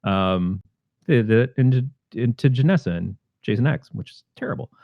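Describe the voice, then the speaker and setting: A man's voice: mid-range voice, animated, normal speed, vocal fry, no echo, highs cut off. Man animatedly retelling movie scenes. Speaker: podcast co-host. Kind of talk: casual film review chat.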